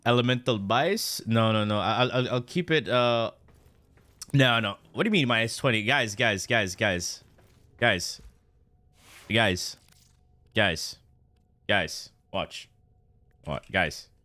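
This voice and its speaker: A man's voice: fairly low pitch, takes it slowly, long pauses, sharp tone, dry recording. A man streaming a video game, chatting loosely with viewers and joking, with many restarts. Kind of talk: casual live-stream chat while playing.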